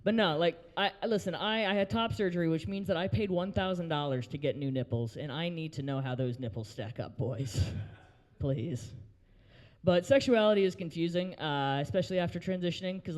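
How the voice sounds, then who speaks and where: Young guy hosting open mic, slightly high voice, brash crude jokes, crowd work. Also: fairly quick, in a large hall. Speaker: open mic host and comedian. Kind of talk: stand-up comedy set. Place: brewery taproom, live audience.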